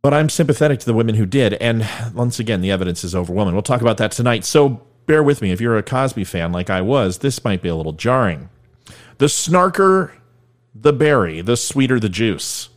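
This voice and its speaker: A man's voice: fairly low pitch, lively intonation, fast talker, hardly any pauses. A middle-aged man hosting a podcast, delivering comedic political commentary in an irreverent, self-deprecating, joking manner. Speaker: podcast host.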